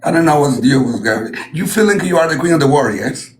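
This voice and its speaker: A man's voice: a little high, animated, fast talker, a little mellow, a little hiss or hum. A man hosting a livestream battle, gushing with compliments in broken English and slipping into Spanish phrases. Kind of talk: casual livestream chat.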